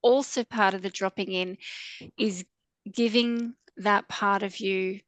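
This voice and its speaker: A woman trauma coach explaining in a calm, gentle, reassuring way as a podcast guest. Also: medium pitch, slow, dry recording.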